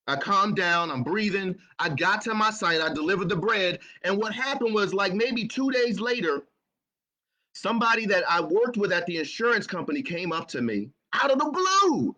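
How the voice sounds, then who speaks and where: A man's voice: high-pitched, very animated, moderate pace, pushed and bright. A man giving a motivational talk, telling his own story in an earnest way and often repeating his words. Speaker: motivational speaker.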